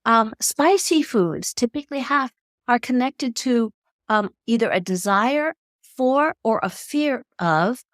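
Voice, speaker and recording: Expressive woman guest explaining, dry sound. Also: on the high side, slow pace, no room sound. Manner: expressive storyteller who acts out quotes. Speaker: podcast guest, eating expert. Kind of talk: conversational explanation.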